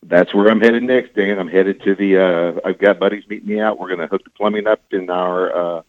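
A man with a very low voice calls in to a radio show, folksy and eager as he talks up his products. The sound is thin and tinny like a phone line, and it stays dry with no room echo. He speaks in a relaxed, homespun way with plenty of filler words. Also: brisk. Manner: folksy, enthusiastic salesman talk. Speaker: radio guest, cooler business owner. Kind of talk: casual phone-in chat.

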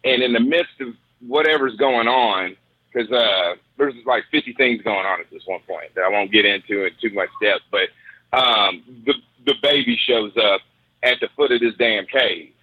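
A man's voice: lowish voice, moderate pace, slightly rough, dry recording. A man retelling a story in casual, profane slang as a podcast host. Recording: tinny phone-like sound, dry.

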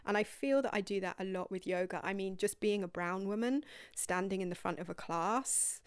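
A woman's voice: medium pitch, normal speed, clean tone. A woman talking candidly in a casual podcast monologue, with a mid-range voice. She rambles and laughs often, and breaks off for self-deprecating apologies. The sound is dry and close, with no room echo. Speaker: yoga teacher and coach.

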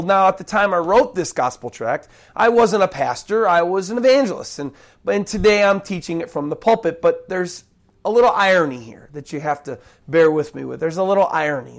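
A man, a pastor, giving a sermon. He opens with a hushed, earnest prayer, then teaches in a folksy way, with small jokes and restarts, and slows down to stress key phrases. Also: a little high, gravelly.

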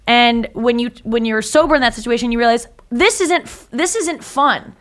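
A woman talking casually in an emphatic, animated way. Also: a little high, normal speed. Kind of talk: casual conversation.

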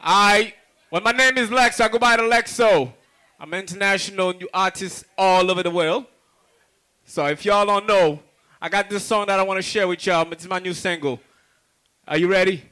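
High-voiced male artist hailing a crowd. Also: normal speed, pushed and bright, clean tone. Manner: repetitive call-outs, crowd prompts. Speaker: performing artist. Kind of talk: stage banter to a crowd. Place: live venue.

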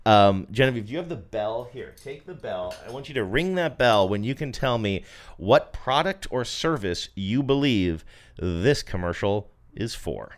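A man's voice: lowish voice, lively intonation, moderate pace. A man hosting a casual podcast, joking around and quizzing his co-host. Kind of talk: casual chat.

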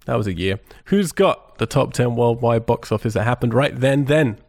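A man co-hosting a film podcast in a relaxed, joking way, with casual swearing. His voice is mid-pitched. The sound is dry and close. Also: moderate pace, no echo. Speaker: podcast co-host. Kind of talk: casual chat about films.

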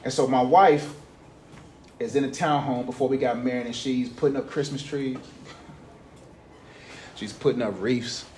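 A young man preaching a sermon in a conversational way, telling stories with slang and swinging between loud passages and low, quiet ones. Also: normal speed, pauses often, slight background noise. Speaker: pastor.

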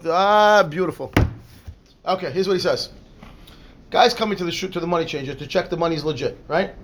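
High-voiced rabbi teaching a Talmud class. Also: male voice, brisk, pauses often, fairly bright tone. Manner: repeats words and restarts, asks "right?" often. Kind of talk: lively Torah class, reading Hebrew text and explaining.

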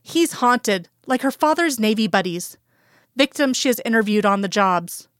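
A woman reading a fanfiction story aloud in calm, plain storytelling narration. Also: a little high, moderate pace, clean tone, no echo, studio quality. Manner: calm storytelling, plain voices for quoted characters. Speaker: fanfiction reader. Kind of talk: scripted narration.

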